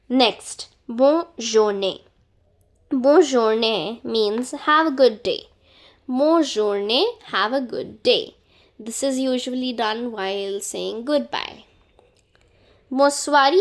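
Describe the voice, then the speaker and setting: Professora de francês, fala lenta e aguda. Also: female voice, a little high. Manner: slow, careful pronunciation drills with repeated words. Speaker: French teacher. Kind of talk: beginner language lesson.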